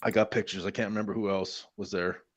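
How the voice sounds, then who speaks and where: A man's voice: on the low side, little pitch movement, quick pace. A man in his forties, a military veteran, telling a war story in a casual, rambling way, swearing heavily and restarting his sentences often. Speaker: Marine veteran guest. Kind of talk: casual storytelling among friends.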